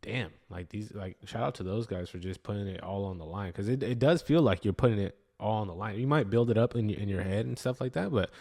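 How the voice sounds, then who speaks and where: A man co-hosting a podcast, talking in a relaxed, sympathetic, slangy way. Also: on the low side, fast, gravelly, few pauses. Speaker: podcast co-host. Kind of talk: casual chat.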